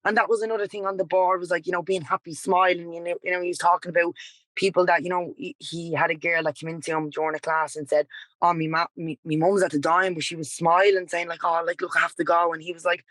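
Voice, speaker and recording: As a podcast guest, a Dublin-accented Irish woman in her twenties who teaches yoga and dance tells a personal story, candid and rambling with animated energy, saying "like" and "he was like" repeatedly. She speaks fast in a fairly low voice; there's no echo, but the audio is poor.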